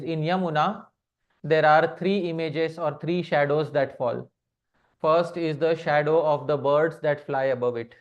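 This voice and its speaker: A man leads a devotional class on verse, chanting lines slowly and then explaining them. He keeps turning to his listeners as dear devotees and quizzing them. The recording is a bit muffled. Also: on the high side. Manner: keeps addressing the audience as dear devotees, asks them questions. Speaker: speaker giving a scripture class. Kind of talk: devotional lecture on poetry.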